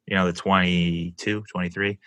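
A man hosting a podcast, chatting enthusiastically with frequent halting restarts. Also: low voice, flat delivery, bright, forceful tone, no echo. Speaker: podcast host. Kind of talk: casual conversation.

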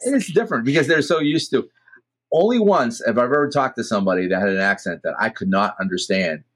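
A man's voice: medium pitch, lively intonation, quick pace, fairly bright tone. A middle-aged man with a Boston accent, hosting a podcast and telling rambling stories with many restarts. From Massachusetts. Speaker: podcast host. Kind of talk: casual chat.

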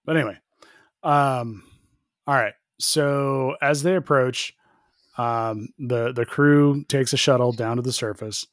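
A man's voice: no room sound, clean studio sound. Joking man in casual podcast chat. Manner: jokey, animated, acts out bits in a high voice. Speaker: podcast co-host.

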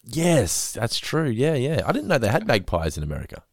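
A man's voice: mid-range voice, wildly swooping pitch, normal speed, no room sound, clean studio sound. A man co-hosting a chatty podcast, reviewing an episode and running the listener contest segments with enthusiasm. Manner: enthusiastic, runs segments and scores. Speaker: podcast co-host. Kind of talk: casual chat.

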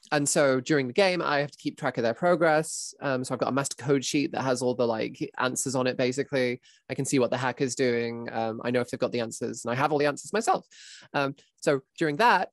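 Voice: medium pitch, fairly quick, dry recording, clean studio sound. A voice actor chatting casually over a video call, rambling with lots of fillers and laughs. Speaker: voice actor and guest. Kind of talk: casual chat.

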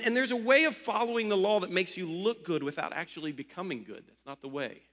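A young man from Ohio, a pastor, preaches a sermon by telling stories conversationally and tossing in joking asides. His voice is high with a fairly bright tone, and a long hall reverb surrounds it.

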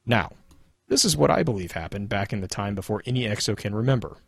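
A condescending robot soldier lectures with sardonic scorn, as a man reads the part aloud. The voice is husky, the pitch rises and falls widely, and the sound is dry. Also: lively intonation, quick pace, no room sound, full character voice. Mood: sardonic lecturing. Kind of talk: dramatic lore reading.

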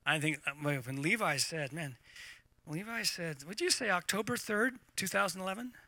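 A middle-aged man preaching to a live congregation, animated and repeating words as he talks. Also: on the high side, moderate pace, dry recording. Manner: animated, repeats words, laughs at own points. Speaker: pastor.

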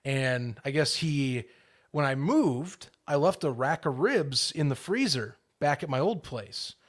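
A man's voice: medium pitch, lively intonation, measured pace. A man co-hosting a sports podcast, chatting casually and laughing often. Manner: laughs often, easygoing banter. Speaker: podcast co-host. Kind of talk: casual chat.

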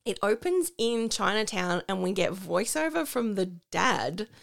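A woman's voice: medium pitch, big pitch swings, unhurried, vocal fry. A woman co-hosting a podcast, casually chatting and talking through her opinions at length. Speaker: podcast co-host. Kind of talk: casual chat.

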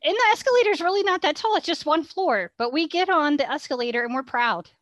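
A woman, co-hosting a podcast and telling an animated story, laughing as she goes. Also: high voice, fast, no echo. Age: 40s. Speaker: podcast co-host. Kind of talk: casual storytelling chat.

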